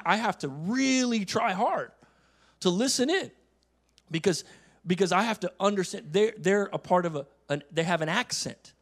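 A male pastor delivering a sermon, emphatic, repeating phrases and swinging between loud passages and quiet asides. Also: high voice. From United States.

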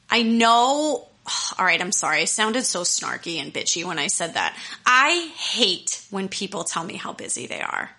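A woman's voice: a little high, very animated, normal speed, pushed and bright. A young adult woman life coach talking casually to her listeners, candid and fired-up, swearing freely as she gives advice. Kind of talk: casual solo talk to listeners.

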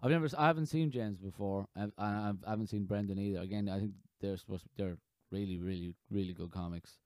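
A man in his thirties hosting a podcast in casual chat, rambling and halting with frequent restarts. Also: on the low side, a little mellow, clear, resonant tone, dry recording. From Ireland. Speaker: podcast host.

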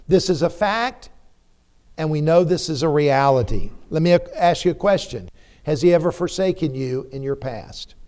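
A man preaches slowly and deliberately in a church service. His voice sits a little higher than most men's. He drives his points home with repeated phrases and pointed rhetorical questions, swelling and dropping in intensity. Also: darkish tone. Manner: emphatic, repetitive rhetorical questions, rising and falling intensity. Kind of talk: sermon. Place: church sanctuary.

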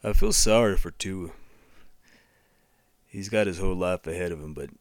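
A man doing an impression of a folksy old cowboy pitchman with a deep, slow drawl. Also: dry recording. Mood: folksy deadpan. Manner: folksy, deadpan.

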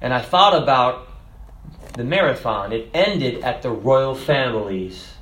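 A man preaching a sermon, reciting song lyrics with rhythm and rising to fervent shouts. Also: medium pitch, lively intonation, unhurried. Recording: echoey room.

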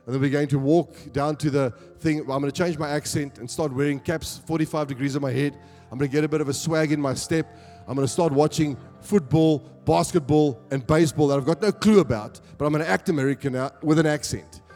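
Speaking fairly quickly in a high-leaning, steady, slightly mellow voice, a South African pastor preaches in a church hall and works up to emphatic calls for the congregation's agreement. The hall's long reverb carries faint music.

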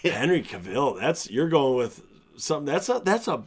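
A man's voice: on the high side, normal speed, noisy background. A man chatting casually and playfully about movie casting, with jokes and bursts of enthusiasm. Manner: animated, playful, jokey. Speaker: podcast co-host.

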